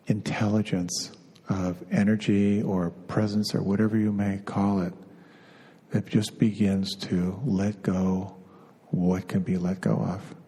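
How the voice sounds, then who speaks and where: A man giving a dharma talk as a meditation teacher, gentle and unhurried, pausing often and repeating words as he searches for them. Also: lowish voice, husky. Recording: long hall reverb.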